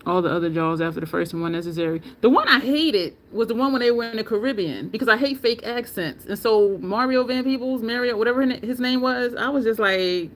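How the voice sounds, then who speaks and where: Hosting a beauty channel livestream, a woman chats casually and answers viewer comments, rambling loosely and offering opinions with frequent ums and restarts. Her voice is fairly high and a bit quick, with hardly any pauses.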